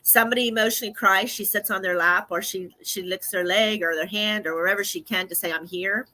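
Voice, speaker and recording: A woman's voice: mid-range voice, steady tone, fast, pushed and bright. A woman hosting a radio podcast, talking casually with frequent laughter and greeting listeners by name. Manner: chatty, laughing often, greets listeners in chat. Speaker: podcast host. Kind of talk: casual talk show monologue.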